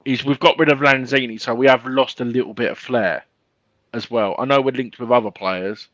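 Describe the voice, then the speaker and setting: A man's voice: mid-range voice, fairly even intonation, brisk, a bit bright, dry recording, dull audio. A man co-hosting a casual fan podcast, giving blunt, firm opinions with stammered starts. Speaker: podcast co-host. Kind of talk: casual chat.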